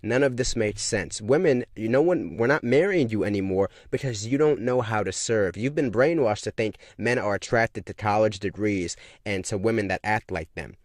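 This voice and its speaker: Man, fairly low voice, emphatic casual rant with rhetorical questions, dry recording. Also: normal speed, hardly any pauses, dry recording. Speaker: online commentator. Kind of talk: casual monologue.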